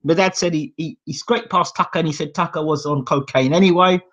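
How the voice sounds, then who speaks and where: A man in his forties who hosts a boxing channel tells casual stories in a monologue, imitating his dad's voice for the quoted lines. He's brisk, a little high-pitched, and a bit bright, with dull lo-fi sound.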